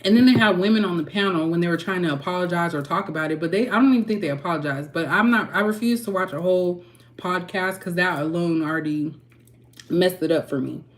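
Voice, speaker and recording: A woman tarot reader and channel host, ranting frankly and heatedly to her viewers and clearing her throat often. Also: lowish voice, quick pace. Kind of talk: candid ranting vlog.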